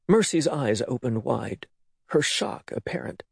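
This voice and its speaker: A man narrates an audiobook in a dramatic, expressive reading. His voice is husky and breathy, moving freely up and down in pitch. The sound is dry and close to the microphone. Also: normal speed, dry recording. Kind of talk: scripted narration.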